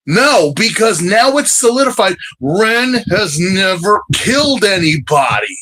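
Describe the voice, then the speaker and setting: A man co-hosting a casual podcast chat, loud and jokey, breaking into shouted impressions. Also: high-pitched, big pitch swings, a little slow, few pauses, low-quality recording. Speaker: podcast co-host.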